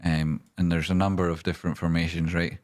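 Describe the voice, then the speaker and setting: Casting note: male streamer, very deep voice, brash and sweary, casual chart talk. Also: little pitch movement, fairly quick, a little mellow. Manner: ranting and swearing, then rambling while walking through charts. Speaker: livestream host and stock chart analyst. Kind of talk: casual livestream chat, reading viewer questions.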